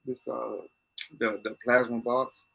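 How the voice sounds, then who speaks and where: A man's voice: mid-range voice, level tone, a little slow, creaky, a bit bright, husky, low-quality recording. A man joining the casual chat as co-host, easygoing and laughing along.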